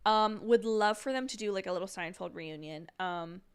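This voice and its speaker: A young woman hosting a casual watch-along livestream, chatty and rambling, with quick apologetic asides and a sleepy edge. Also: medium pitch, clean tone. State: sleepy, yawning. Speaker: livestream host.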